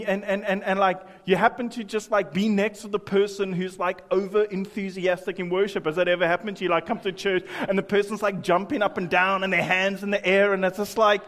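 A pastor delivers his sermon in a conversational, humorous way. His voice sits high for a man. It rings out with the long echo of a church hall. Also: a bit bright. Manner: humorous, conversational preaching with many asides.

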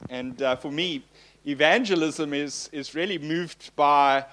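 A man preaching as a pastor in a relaxed, conversational way, with a voice that sits a little high. He tells personal stories with self-deprecating humor and fills his pauses with plenty of ums and uhs. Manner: chatty and self-deprecating, with frequent fillers.

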